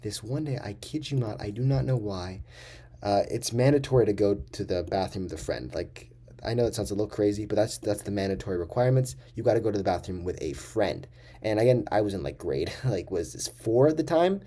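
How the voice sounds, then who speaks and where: A man's voice: on the low side, expressive, fairly quick, warm tone. A young man telling a rambling, profane story casually to camera as a vlogger.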